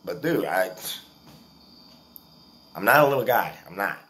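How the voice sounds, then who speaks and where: A man's voice: low-pitched, sing-song, unhurried, pushed and bright. A man in his forties telling a story to his viewers in a casual, profane, boastful way. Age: 40s. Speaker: vlogger.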